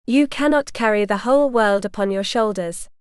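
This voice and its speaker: A woman's voice: medium pitch, moderate pace, clear, resonant tone, no room sound, studio quality, natural voice. A woman voicing a loyal male knight who speaks earnestly and urgently, in a storybook reading.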